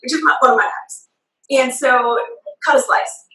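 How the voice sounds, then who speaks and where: A woman's voice: sits high, normal speed, pushed and bright. A woman chef chatting through a live cooking demonstration, laughing often and explaining measurements step by step. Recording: roomy echo, far from the mic.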